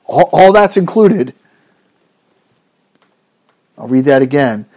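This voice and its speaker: Earnest preacher man with a high voice. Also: lively intonation, slow, darkish tone. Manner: earnest, emphatic, rising on rhetorical questions, with frequent restarts. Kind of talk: expository sermon.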